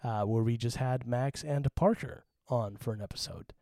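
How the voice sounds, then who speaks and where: A young man co-hosting a podcast in casual chat, animated and swearing, acting out stories in voices. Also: mid-range voice, normal speed, creaky, dry recording, studio quality. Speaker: podcast co-host.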